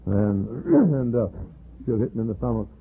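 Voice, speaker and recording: An older man preaches in a folksy, storytelling way, leaping up in pitch whenever he mimics someone he is quoting. His voice is husky and a little breathy, sitting at an ordinary male pitch. The sound is thin and tinny, like an old sermon tape played over a phone line. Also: wildly swooping pitch, moderate pace. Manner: folksy storytelling preacher, acts out quoted voices with sudden high pitch jumps. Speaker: pastor.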